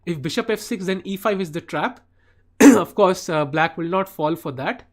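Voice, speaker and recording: High-voiced man streaming chess. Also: moderate pace. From India. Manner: chatty, addresses chat viewers by name, often says "guys". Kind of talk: live stream commentary.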